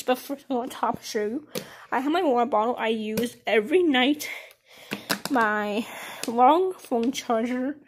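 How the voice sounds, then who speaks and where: A teenage girl giving a casual tour of her bedroom, rambling with lots of fillers and restarts, recorded on a handheld phone camera. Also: high voice. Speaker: vlogger.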